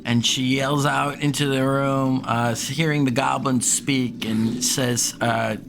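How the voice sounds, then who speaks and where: A man's voice: medium pitch, fairly even intonation, slow pace, vocal fry. A man running a tabletop game as game master, narrating unhurriedly with many ums. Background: background music.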